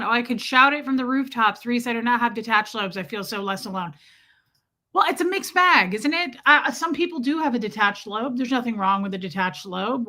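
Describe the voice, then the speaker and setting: A chatty, joking American woman in her forties greets viewers on her live stream. Her voice is bright and sits a little high. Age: 40s. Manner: chatty, sarcastic, jokey. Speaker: livestream host. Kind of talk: casual live-stream chat reading viewer comments.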